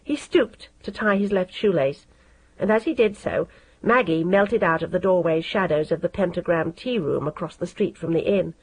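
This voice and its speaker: A woman narrating an audiobook in a steady, measured reading style. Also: fairly low pitch, slightly rough, poor audio. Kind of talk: scripted narration.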